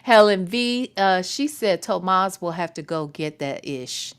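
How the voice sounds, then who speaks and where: Her voice is fairly low, clear, and resonant, with lively intonation and a slightly slow pace. She's a reaction show host on a late-night livestream, making sassy, profane asides and speaking directly to her chat.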